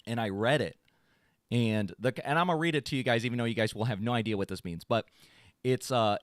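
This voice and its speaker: A man co-hosting a casual podcast, telling a long story in an animated way and acting out quotes in a raised voice. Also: medium pitch, no room sound, studio quality. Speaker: podcast co-host. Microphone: studio podcast mic.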